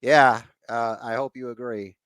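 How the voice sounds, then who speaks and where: A man's voice: medium pitch, smooth, no echo. A man co-hosting a laid-back wrestling podcast, talking through the week's shows with lots of "uh" and "you know". He has an ordinary mid-range voice, recorded close and dry with no room sound. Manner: acts out wrestlers' lines in quick, animated put-on voices. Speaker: podcast co-host. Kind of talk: casual wrestling recap chat.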